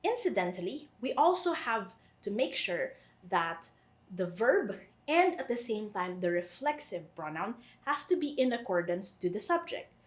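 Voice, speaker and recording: A woman's voice: medium pitch, very animated, unhurried. A woman with a Filipino accent teaching a French grammar lesson, patiently repeating each French phrase and translating it. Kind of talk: online language lesson.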